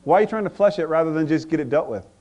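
A pastor with a notably high voice delivers a sermon. He calls out questions to the congregation and waits for answers. His volume swings from loud bursts to quiet asides. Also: lively intonation, rapid-fire, muffled recording. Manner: preaching with call-and-response, rising and dropping in volume.

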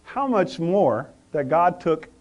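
A man preaching a sermon, calling out to the congregation and swinging between loud and soft. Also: on the high side, big pitch swings, slow, lo-fi sound. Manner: preaching with call-and-response, rising and dropping in volume. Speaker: pastor.

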